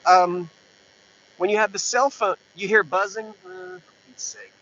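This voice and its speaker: A high-pitched man chatting away to his live viewers from the front seat of his truck, breaking off mid-sentence and cracking jokes. His voice swoops up and down a lot. The sound is dull and lo-fi, with a faint hum underneath. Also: animated, a little slow, gravelly, a bit bright. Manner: chatty, jokey, self-interrupting. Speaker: live-stream host, antiques seller. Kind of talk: rambling live-stream chat with viewers. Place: inside a parked truck. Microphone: mounted camera.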